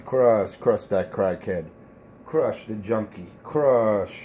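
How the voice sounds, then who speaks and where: Taunting man with a low voice. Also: slow, mellow, highs cut off, slight background noise. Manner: taunting, repetitive, profane. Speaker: CB radio talker. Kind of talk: trash talk over CB radio.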